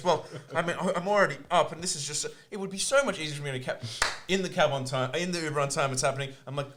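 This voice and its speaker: A man's voice: a little high, quick pace, few pauses. A young man bantering and playfully retelling events his own way. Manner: defensive, playful, mock narration. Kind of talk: casual comedic banter.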